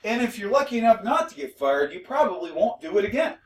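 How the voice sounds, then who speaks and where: A man's voice: sits high, very animated, fast talker, distant mic, low-quality recording. A male instructor giving a recorded lecture, conversational and mildly sarcastic, with frequent restarts.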